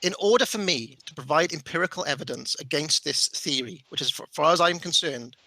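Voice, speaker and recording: A man's voice: fairly high pitch, a little fast, sharp tone, dry recording, low-quality recording. A man in a heated debate on a video call, exasperated, stammering and cutting in over and over.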